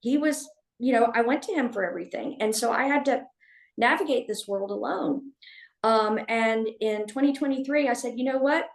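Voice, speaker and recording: A woman's voice: a little high, gravelly. A woman telling a personal story as a podcast guest, speaking candidly, with many restarts and fillers. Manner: halting, with frequent restarts and fillers. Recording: echoey room.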